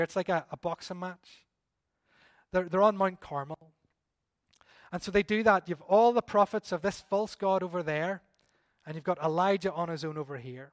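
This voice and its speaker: A male pastor delivering an animated, emphatic sermon to his church, often pleading and repeating phrases. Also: sits high, moderate pace, pauses often, dry recording, clean studio sound. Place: church service.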